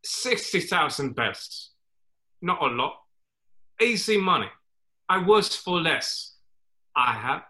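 A man's voice: fairly high pitch, big pitch swings, heavily acted. Tom Nook, a man doing a Cockney raccoon mobster. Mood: threatening. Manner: slow, quietly threatening, clipped broken grammar. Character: menacing raccoon loan-shark mogul, male, cold and threatening. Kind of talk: comedy sketch table read over video call.

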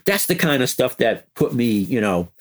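Older man telling animated stories. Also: medium pitch, normal speed. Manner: animated, chuckling storyteller who breaks into quoted voices. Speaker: interview guest, former music news editor. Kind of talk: anecdotal interview storytelling.

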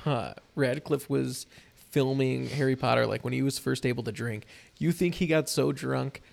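A man's voice: mid-range voice, normal speed, vocal fry. A young man in casual podcast chat, joking around and slipping into silly impressions.

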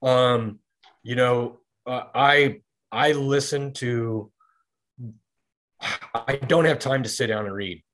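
A man's voice: mid-range voice, slow pace, long pauses, fairly bright tone. Easygoing middle-aged man telling stories. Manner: easygoing, rambling with frequent restarts and fillers. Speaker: podcast guest. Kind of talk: casual conversational storytelling.

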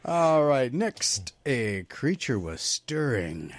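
A man's voice: medium pitch, slow pace, no room sound. A man co-hosting a casual movie review panel, teasing the others and passing the turn around. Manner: lively, teasing, leads the rounds.

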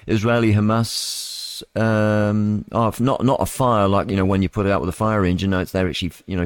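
Nz guy reading the morning news on radio, kinda low voice, chatty, trips over names, dead dry mic. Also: darkish tone, no echo. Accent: New Zealand. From New Zealand. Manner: rambling, chatty, stumbles over names, talks to listeners with tag questions. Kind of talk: casual live radio news reading with asides.

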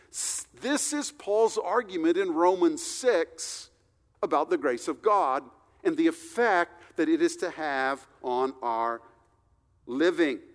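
Slow, deliberate man preaching in a hall. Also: a little high. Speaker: pastor. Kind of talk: sermon.

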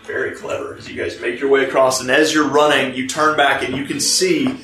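A man narrating a tabletop role-playing game as game master, in a relaxed, halting storytelling way. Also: medium pitch. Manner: relaxed storyteller, many fillers and restarts. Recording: echoey room with music underneath.

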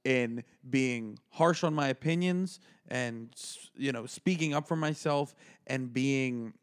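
A man co-hosting a podcast, talking in casual chat in a reflective way, with halting restarts. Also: medium pitch, clear, resonant tone. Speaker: podcast co-host, comedian.

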